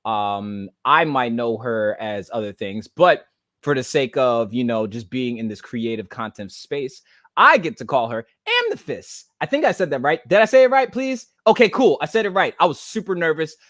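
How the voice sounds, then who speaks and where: A man hosting a casual podcast, telling a funny story with lots of energy and then introducing his guest in a relaxed voice. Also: normal speed, no echo, studio quality. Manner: animated, joking, shifts from high excited storytelling to low relaxed host voice. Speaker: podcast host.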